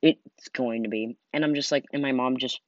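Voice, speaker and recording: A man's voice: mid-range voice, fairly even intonation, moderate pace, dry recording. Tired young man rambling, lo-fi. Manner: rambling, heavy use of "like", trails off. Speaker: solo podcaster. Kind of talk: casual rambling chat. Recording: dull lo-fi dry recording.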